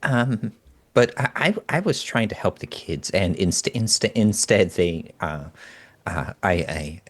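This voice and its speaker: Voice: low voice, expressive, slow, voice pushed down, heavily acted. A tabletop player voicing a timid, anxious puzzle-booth keeper who stutters and repeats words. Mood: uneasy. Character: timid stammering small puzzle-booth keeper named Rote. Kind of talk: playing a character in a tabletop game.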